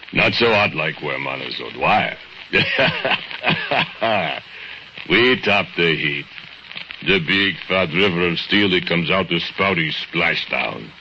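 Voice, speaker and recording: An actor playing a brooding, menacing male foundry laborer who speaks slow broken English, in 1940s radio acting on a muffled old recording with music. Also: extremely low pitch, sharp tone, slight background noise, exaggerated voice.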